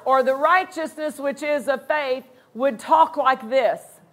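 A woman pastor delivers a sermon in a bright, high voice. She speaks with emphasis, drawing out the scripture quotes slowly. Now and then she bursts into animated excitement.

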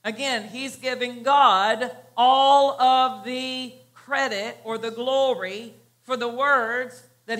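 A woman pastor preaching a sermon, slow and emphatic, repeating key phrases for weight. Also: high-pitched, a bit bright.

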